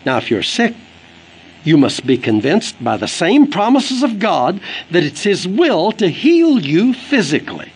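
A man's voice: sits high, husky, rough recording. A man delivering an earnest, emphatic sermon for an audio book, quoting scripture as he preaches. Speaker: evangelist preacher.

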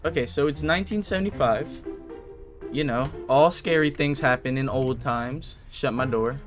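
A young man joking and reacting excitedly while narrating his playthrough of a game. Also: mid-range voice, moderate pace. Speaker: gaming YouTuber. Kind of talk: let's play commentary. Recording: commentary over loud game music. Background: game music.

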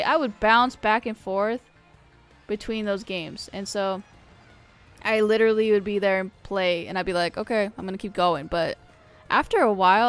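A young woman streaming a racing game, chatting casually and playfully teasing her viewers. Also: medium pitch. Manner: playful, teasing, talks straight to chat. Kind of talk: casual live-stream gaming chat.

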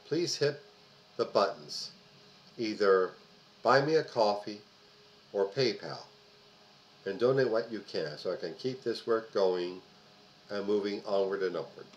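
A man's voice: on the low side, lively intonation, a little slow, long pauses, low-quality recording. Emphatic man delivering a political monologue. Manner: emphatic, repeats phrases for stress, frequent fillers. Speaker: host of a political commentary video. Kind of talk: opinion monologue to camera.

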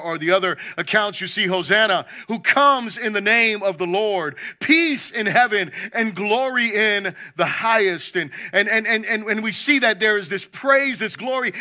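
A man preaching a sermon, emphatic, stumbling over repeated words as he builds each point. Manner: voices quoted figures louder and higher. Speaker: pastor.

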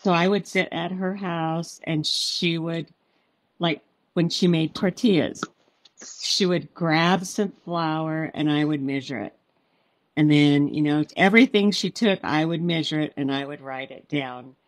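A woman's voice: sits low, a little slow, dry recording. Woman guest telling heartfelt family stories. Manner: warm, heartfelt storytelling with quoted dialogue. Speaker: guest author. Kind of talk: podcast interview storytelling.

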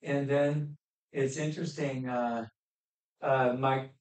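A man preaching a sermon on a scripture passage, pausing often with fillers and restarts. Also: mid-range voice, little pitch movement, darkish tone. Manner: halting, with many fillers and restarts. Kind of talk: expository sermon. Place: church hall. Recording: echoey room, mic at a distance.

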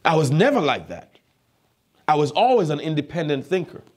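This man, a pastor whose first language isn't English, preaches a sermon in a brisk, sing-song voice pitched on the high side. He leans on emphatic repeated phrases and keeps asking his listeners whether they are listening.

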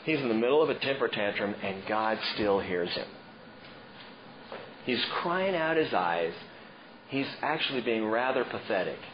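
A man preaching an expository sermon as pastor, animated and joking with the congregation. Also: on the low side, normal speed, pauses often. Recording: muffled with steady background noise.

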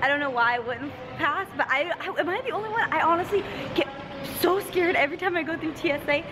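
A woman vlogging casually to camera, bubbly and excitable, often gasping and giggling as she talks. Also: sits high, quick pace, a crowd in the background. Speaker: vlogger and streamer. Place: home room, then an airport terminal. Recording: noisy handheld vlog audio.

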